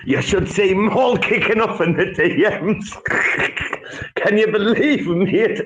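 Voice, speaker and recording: A man's voice: high-pitched, slow, a little hiss or hum, low-quality recording. Laughing, foul-mouthed male host. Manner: laughing often, swearing, excitable banter. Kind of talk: casual group chat.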